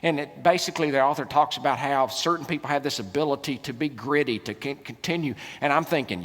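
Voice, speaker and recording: A middle-aged man, preaching a sermon as a keynote speaker, telling stories with humor and big swings in loudness. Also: fairly high pitch, quick pace, few pauses. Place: large hall. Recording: reverberant hall.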